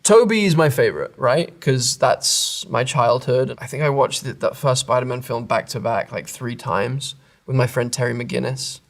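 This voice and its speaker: An actor in his thirties from England casually reads internet comments and answers them at a normal speed in a medium-pitched voice. He wanders off on tangents, interrupts himself, and sometimes laughs at himself.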